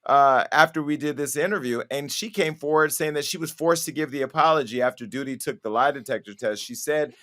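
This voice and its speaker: A male host giving measured commentary and setting up a clip. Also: on the high side, a bit bright. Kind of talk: news commentary introducing a clip.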